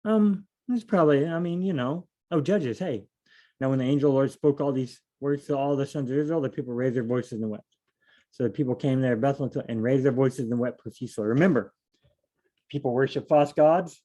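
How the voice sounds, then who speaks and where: A man leading a casual Bible study, reading verses aloud and explaining them in a chatty, animated way. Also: mid-range voice, fairly quick.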